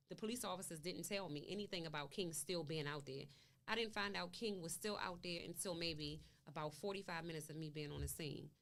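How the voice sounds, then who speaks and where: A woman with a somewhat low voice sits for an interview as a guest. She is a mother recounting events in a long conversational story. She acts out each quoted line of dialogue as she goes. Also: fairly bright tone.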